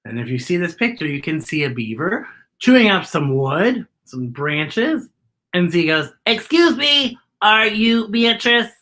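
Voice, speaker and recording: Animated woman reading a picture book. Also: deep voice, measured pace. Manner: animated, chatty asides about the pictures. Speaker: children's story reader.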